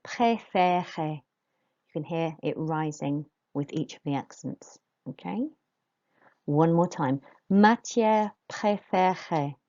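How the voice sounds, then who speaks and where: Teacher woman, slow modelled French words. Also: low-pitched, fairly even intonation, mellow, dull audio. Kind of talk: recorded pronunciation lesson.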